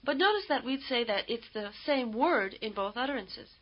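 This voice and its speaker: A woman giving scripted instructional narration for a language course, in a measured, explanatory way. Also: a little high, expressive. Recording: dull lo-fi tape audio.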